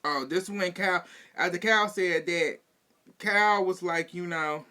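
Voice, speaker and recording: A man's voice: high voice, unhurried. A man giving a casual, sassy and profane recap of a reality show. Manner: sassy, profane, laughing, animated.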